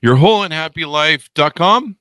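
A man's voice: fairly high pitch, expressive, normal speed, sharp tone, smooth, no room sound. A man hosting a podcast, rambling with joking asides and many fillers on a close mic. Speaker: podcast host.

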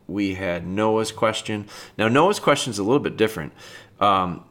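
Low-voiced man giving dog training advice. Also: moderate pace. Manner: plain-spoken, restarts, bursts into high excited puppy calls. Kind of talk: casual advice talk.

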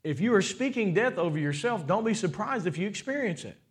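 A man in his forties preaching a sermon as pastor, asking the crowd rhetorical questions with lively swings in pitch and loudness and playful asides. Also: brisk. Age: 40s.

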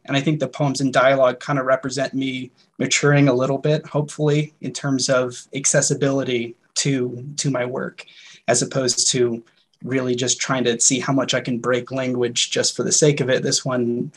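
A man's voice: mid-range voice, level tone, moderate pace. A young man, a poet and student, speaking earnestly in a webinar panel conversation over a video call.

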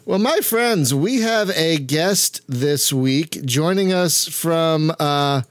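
A man's voice: fairly high pitch, animated, slow pace, no room sound, clean studio sound. A man from Philadelphia hosting a casual podcast chat, laughing often and tripping playfully over his words. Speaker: podcast host. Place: home setup on a voice call.

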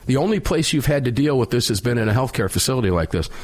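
A middle-aged man hosting a talk radio show, telling a story loudly and emphatically with a sinus infection. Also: mid-range voice, animated, fast talker.

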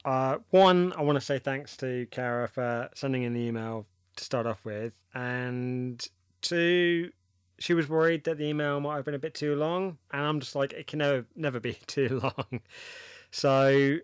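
A man's voice: mid-range voice, measured pace, clear, resonant tone, no echo, clean studio sound. A man hosting a casual podcast chat, rambling with lots of fillers. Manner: rambling, many fillers and likes. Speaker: podcast host.

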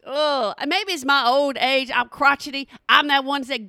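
Woman, middle-aged, sassy, blunt, bright tone, dry close sound. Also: high voice, steady tone, moderate pace, hardly any pauses, dry recording. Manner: sassy, blunt, talks straight to the audience. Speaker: vlogger. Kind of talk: casual comedic monologue.

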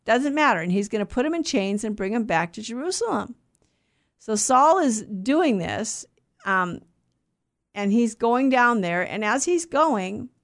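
Bible teacher, woman, slightly high voice, chatty, questions the class. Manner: conversational, asks the group questions. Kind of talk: scripture teaching to a group.

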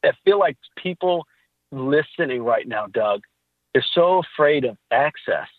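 A man's voice: mid-range voice, a little slow, no room sound. Man telling faith stories over tinny line. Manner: animated storytelling with laughs. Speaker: podcast guest. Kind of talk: casual faith talk.

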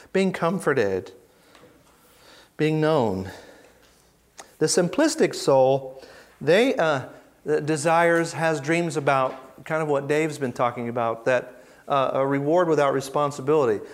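A man giving an informal Bible teaching, conversational and reflective, with pauses and restarts as he reads verses aloud. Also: fairly high pitch. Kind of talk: informal teaching talk with scripture readings.

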